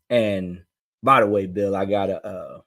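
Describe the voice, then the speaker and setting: A man co-hosting a casual podcast, telling animated stories and acting out his parents' voices. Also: lowish voice, takes it slowly. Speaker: podcast co-host. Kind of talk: casual chat.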